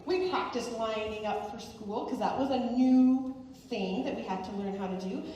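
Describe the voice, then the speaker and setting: High-pitched mom hosting a family night, bouncy and playful, echoey hall from far off. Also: female voice, moderate pace, slight background noise. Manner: animated, playful, talks to kids. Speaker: host and parent panelist. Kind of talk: lively family event presenting.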